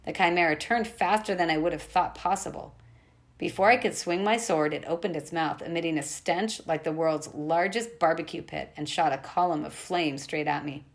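A woman's voice: low voice, moderate pace. A woman reading a novel aloud, telling a first-person adventure story with expression. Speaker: audiobook narrator.

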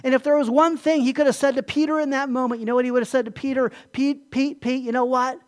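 A man's voice: very high-pitched, steady tone, rapid-fire, a little mellow. A man delivering an emphatic sermon as a pastor, often asking his listeners questions. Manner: emphatic, asks the congregation questions.

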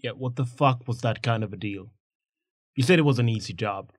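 A player speaking in character in a tabletop game, excitable and defensive, with some swearing. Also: mid-range voice, fairly quick, no echo, clean studio sound.

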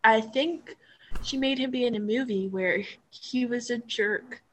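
A woman co-hosting a casual podcast, telling rambling jokey stories. Her voice sits a little high, with faint noise in the background. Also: a little slow, fairly bright tone. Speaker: podcast co-host. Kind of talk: casual chat.

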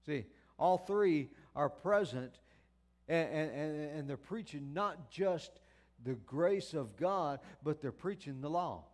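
A man's voice: on the high side, expressive. A man preaching a sermon, stressing words and calling out praise as he goes. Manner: emphatic preaching with exclamations of praise; drawn-out stressed words and repeated restarts.

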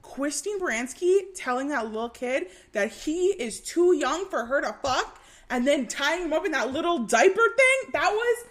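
A woman with a high, lively voice holds forth in a casual podcast chat. She rants with big swings in her delivery and swears freely. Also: normal speed. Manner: animated, ranting, swears freely. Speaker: podcast co-host.

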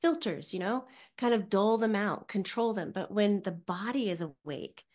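A woman guest on a podcast, a psychic medium, chatting casually in an animated, teaching way. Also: medium pitch, normal speed. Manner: animated, teaching tone, acts out quoted voices.

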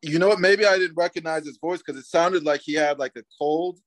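A man's voice: a little high, brisk, fairly bright tone. Easygoing man in a podcast chat. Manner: easygoing, agreeable, hesitant with restarts. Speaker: podcast co-host. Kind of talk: casual chat.

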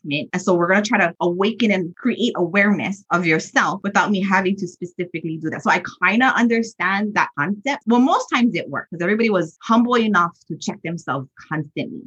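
A woman's voice: lowish voice, quick pace, hardly any pauses, fairly bright tone, breathy edge. A woman who teaches hula, talking earnestly and animatedly in a casual reflective chat and laughing easily. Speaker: podcast co-host, hula teacher. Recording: dull, muffled recording.

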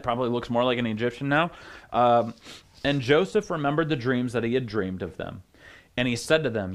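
A man preaching as a pastor, teaching in a casual way with joking asides and frequent restarts. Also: medium pitch.

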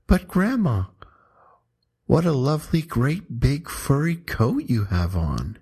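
A man doing a high-pitched little girl. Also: sing-song, creaky, mellow, slightly rough, exaggerated voice. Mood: sweet. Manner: high and sweet, slow and sing-song. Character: cheeky little girl in a red hood. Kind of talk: reading a comic poem aloud.

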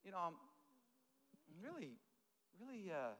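A man playing a kindly bystander who gently consoles a mourner. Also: sits high, sing-song, a little slow, full character voice. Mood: consoling. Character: kindly sympathetic male bystander. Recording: echoey hall.

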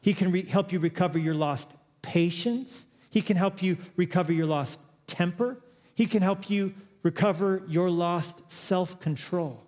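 A man's voice: high voice, a little slow, darkish tone. A male pastor preaching a sermon, chatty and joking at times, then building to emphatic, rising exhortations. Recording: long reverb of a large hall.

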